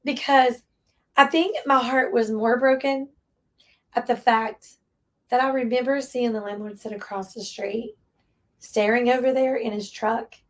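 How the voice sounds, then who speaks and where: In a steady, unhurried, slightly high voice, a woman who manages a relief shelter tells of a painful moment. Her East Tennessee accent and Southern phrasing color an earnest, tearful, heartfelt conversation.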